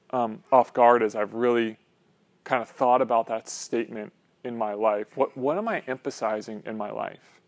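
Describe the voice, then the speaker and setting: A man preaching a conversational sermon as pastor, loose and rambling, often checking in with his listeners. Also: medium pitch. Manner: casual, rambling, frequent "um" and "right?".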